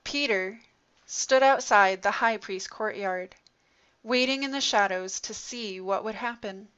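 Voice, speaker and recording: A woman narrating a story in an expressive, dramatic reading style. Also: mid-range voice, a little slow, clear, resonant tone. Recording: dull lo-fi recording.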